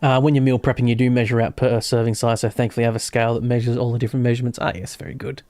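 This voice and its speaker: A man's voice: mid-range voice, little pitch movement, rapid-fire, mellow, no room sound, studio quality, soft background music. A man chatting casually and rambling while streaming a game live. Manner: rambling, chatty, self-interrupting. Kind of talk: casual live gameplay chat.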